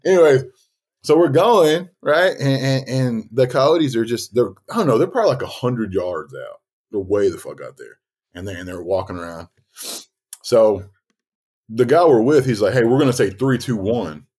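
Podcast co-host, male, husky lively storyteller, casual and profane. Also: medium pitch, normal speed. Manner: animated, swearing, acts out quotes.

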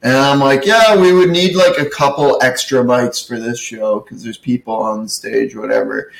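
A medium-pitched man with a steady tone and vocal fry talks at normal speed in a roomy, low-quality recording. He's a podcast co-host and comedy show producer, delivering a casual storytelling rant that's profane and full of acted-out dialogue.

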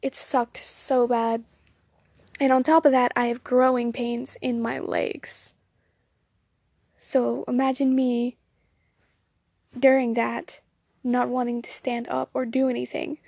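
A woman's voice: fairly high pitch, level tone, slow pace, gravelly, long pauses, darkish tone, no echo, studio quality. A young woman with a Southern US accent, hosting an amateur podcast into her phone and chatting casually with lots of ums and self-deprecating laughs. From Southern United States. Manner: rambling, self-deprecating, giggly, many ums. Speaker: podcast host. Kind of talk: casual solo podcast chat.

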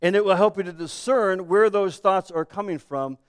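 High, clear-voiced pastor preaching in a hall. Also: male voice, moderate pace. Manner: earnest, rising to emphatic declarations. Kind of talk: sermon. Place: church sanctuary. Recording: echoey church hall.

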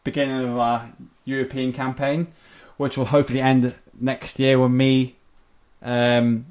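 A man in an easy, rambling podcast chat, breaking into laughter as he talks. His voice sits at a middling pitch and he swears mildly in passing. It sounds like relaxed banter between friends. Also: a little slow. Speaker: podcast host. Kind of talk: casual chat.

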